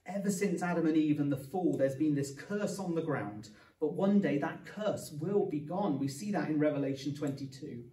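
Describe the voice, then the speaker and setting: A man's voice: a little high, moderate pace, dark tone. A man preaching an evening sermon, earnest and explanatory, with touches of light humour. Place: church hall. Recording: echoey church room from a distance.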